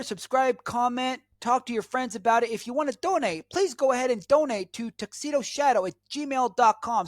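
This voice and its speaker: A man's voice: sits high, no room sound. An American man hosting his own channel, giving an emphatic, repetitive solo monologue that lectures the viewer. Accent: American English. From United States. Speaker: channel host.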